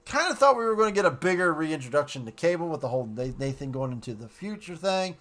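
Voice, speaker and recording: Casting: man, slightly higher voice, loose rambling reviewer, gets excited retelling scenes. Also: fast talker. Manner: rambling, excited, quotes characters in passing. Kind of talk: casual recap and review.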